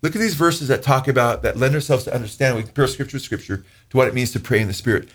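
Earnest man preaching. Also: husky. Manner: earnest, rises in pitch for emphasis, slows when reading scripture. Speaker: pastor. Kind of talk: sermon teaching.

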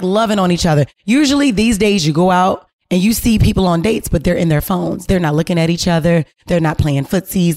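A woman hosting a podcast, telling a story in a casual, animated way, full of slang and swearing and talking straight to her listeners. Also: lowish voice. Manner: animated, slangy and profane, addressing listeners directly. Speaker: podcast host.

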